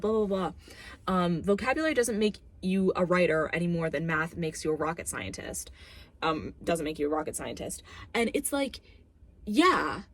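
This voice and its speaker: A woman's voice: mid-range voice, darkish tone, slightly rough. A young woman in a casual movie review rant, exasperated and full of "like"s, swearing as she vents to the camera. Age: young adult. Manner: exasperated, filler-heavy with many "like"s, swears. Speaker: film reviewer.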